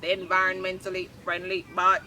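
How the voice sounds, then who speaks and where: A woman voicing a friendly environmental robot in a mechanical, even voice. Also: fairly low pitch, a little fast, recorded from a distance, a little hiss or hum.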